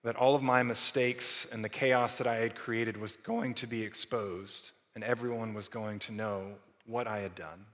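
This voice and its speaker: A man preaching a sermon in an earnest way, his delivery moving between raised emphasis and hushed, quiet passages. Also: fairly low pitch, fairly even intonation, moderate pace, few pauses. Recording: long hall reverb.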